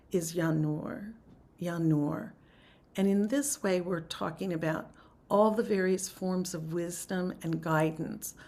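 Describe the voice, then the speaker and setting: A woman leading a spiritual class on a video call, teaching in a soft, reflective, unhurried way and guiding a chant. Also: fairly low pitch, gravelly.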